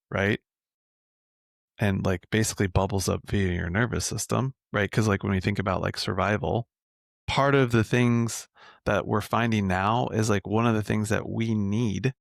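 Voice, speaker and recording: A man's voice: fairly low pitch, creaky, no room sound, clean studio sound. A man working as a men's coach, talking casually in a podcast interview and tagging his points with "right?" and the odd swear word. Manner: conversational, frequent "right?" tags.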